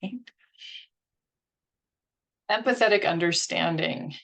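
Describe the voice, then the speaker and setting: A woman's voice: lowish voice, slow, vocal fry, a bit bright. A woman presenting a workshop in an earnest, instructional way, acting out inner thoughts as she teaches.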